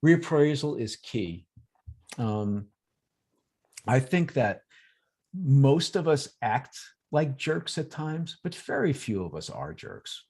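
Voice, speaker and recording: A man presenting a workshop in a relaxed, conversational way over a video call, acting out everyday examples. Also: medium pitch, slow, long pauses, breathy edge. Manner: lively, acts out examples in quoted voices. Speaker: workshop presenter on emotional intelligence.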